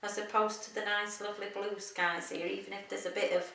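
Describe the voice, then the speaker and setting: Middle-aged woman, interviewee, bright and gravelly, chatty, recorded in an echoey room with a distant mic. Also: mid-range voice, flat delivery, a little fast. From England. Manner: chatty, rambling, laughs often. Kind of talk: casual interview chat.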